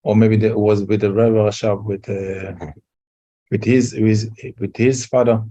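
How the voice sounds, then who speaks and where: A man telling a Torah story in a casual talk, halting and repeating words. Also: fairly low pitch, little pitch movement, dark tone. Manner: halting, repeats words, Yiddish-laced English. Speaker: rabbi giving a talk.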